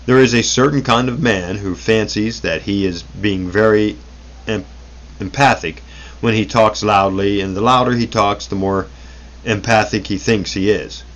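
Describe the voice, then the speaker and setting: Man reading aloud, slightly deep voice. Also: fairly even intonation, a little slow, fairly bright tone, rough recording. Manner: unrehearsed, stumbles and corrects himself mid-sentence. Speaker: reader of old booklets. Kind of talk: reading a vintage self-help booklet aloud.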